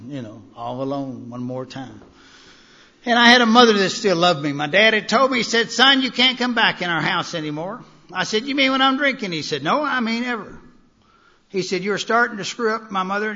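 A man's voice: sits high, sharp tone. Folksy man in a reverberant hall. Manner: folksy storytelling, frequent "you know". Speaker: speaker at a recovery meeting. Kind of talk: personal recovery talk. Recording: dull-sounding recording in a reverberant hall.

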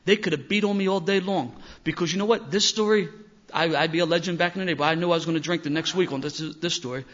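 Speaking quickly to an audience, an older Philadelphia man recounts his recovery in a rough, self-deprecating style. His voice sits fairly high for a man and gains volume and energy as the story climbs, captured on a dull, lo-fi recording.

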